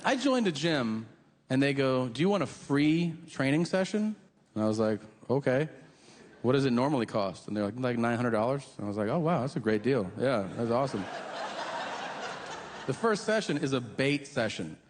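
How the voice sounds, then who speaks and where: A man doing a stand-up comedy set, telling stories deadpan and acting out both sides of the conversations. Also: mid-range voice, moderate pace. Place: comedy club stage. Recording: live club stage mic, long hall reverb, audience noise.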